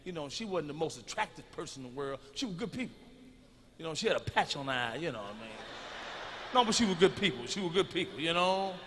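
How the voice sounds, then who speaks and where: A middle-aged man performing a stand-up comedy routine, telling stories loudly and with plenty of profanity. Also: fairly high pitch, expressive, fast, noisy background. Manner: loud, profane storytelling. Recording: live arena recording with long reverb.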